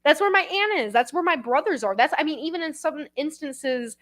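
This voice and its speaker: A woman's voice: high-pitched, expressive, brisk, a bit bright. A young woman hosting an interview, talking in a candid, rambling way that is full of swearing and emotion. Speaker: host.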